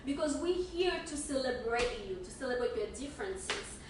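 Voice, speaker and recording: This high-pitched woman co-hosts a casual podcast, speaking emphatically and encouragingly and repeating words as she builds up to a point. Her voice sits well back from the mic in a strongly echoing room, with a faint hiss underneath. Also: expressive, moderate pace. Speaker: podcast co-host. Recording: echoey room, distant mic.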